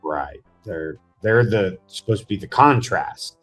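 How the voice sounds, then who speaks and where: A man's voice: sits low, expressive, measured pace, a bit bright, husky, soft background music. A man hosting a casual miniature-painting chat, rambling enthusiastically as he tells stories. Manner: chatty, rambling, enthusiastic storyteller.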